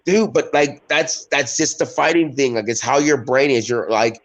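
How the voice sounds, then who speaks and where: A man's voice: medium pitch, moderate pace, a bit bright, lo-fi sound. A man who fights professionally, chatting on a podcast over a video call, rambling and swearing with lots of fillers. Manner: rambling and profane, heavy fillers. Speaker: professional MMA fighter guest. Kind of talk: casual podcast chat.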